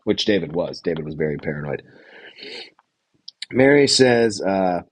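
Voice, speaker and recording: A young man with a fairly low voice hosts a loose, casual recap, rambling through his thoughts with plenty of fillers and swearing. He reads comments from a live chat as he goes. The sound is dry, with little room around it. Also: animated, measured pace, breathy edge, dry recording. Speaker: podcast host reviewing a reality show.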